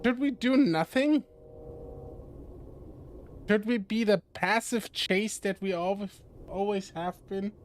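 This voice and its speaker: A man's voice: high-pitched, slow, pauses often, slight background noise. A man streaming a visual novel, reading it aloud and reacting with teasing jokes. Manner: joking, teasing, laughs at the story.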